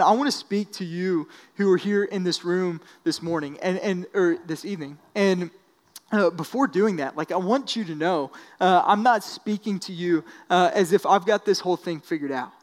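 A man preaching a sermon to an audience, telling a story casually with lots of fillers. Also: sits high. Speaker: speaker at a church service. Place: large hall with an audience. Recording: long reverb from a large hall.

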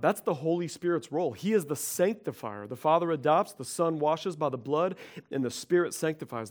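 Animated man preaching a casual sermon. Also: a little high. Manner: conversational, animated, acts out quoted voices. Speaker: pastor.

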